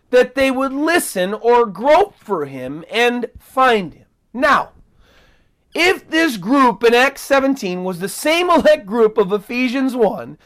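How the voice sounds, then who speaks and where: A woman preaching a fervent sermon, stressing words and drawing them out. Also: sits high. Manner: fervent, emphatic, drawn-out stresses.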